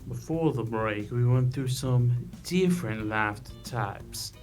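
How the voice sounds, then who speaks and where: Brief: man voicing a measured lecturer on villain laughter, unhurried delivery, game score underneath. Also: mid-range voice, a little mellow, natural voice. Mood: lecturing. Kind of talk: reading game dialogue aloud. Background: game music.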